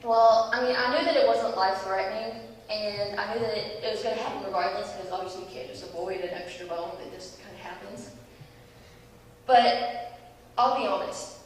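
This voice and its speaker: A young woman giving a church talk, telling a lively story and acting out its people. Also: mid-range voice. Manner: lively storytelling, acts out voices. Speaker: youth speaker. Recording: echoey hall, distant mic, faint hiss.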